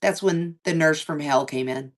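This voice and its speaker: Speaking at a moderate pace and sitting far from the mic, this woman co-hosts a livestream and tells a long, casual story. She curses liberally and performs other people's lines in deeper and higher voices, all with lively energy.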